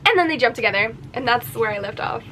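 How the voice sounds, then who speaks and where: A young woman in her twenties recapping a book in a casual reading vlog, excitable and chatty, acting out the characters' lines as she goes. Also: a little high, fast, slight background noise, rough recording. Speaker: book vlogger.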